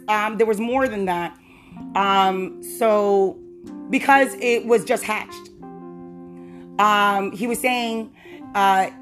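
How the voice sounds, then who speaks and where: A young adult woman hosting a podcast, chatting casually and telling a story, laughing often and acting out the voices she quotes. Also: medium pitch. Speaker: podcast host. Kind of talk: casual chat.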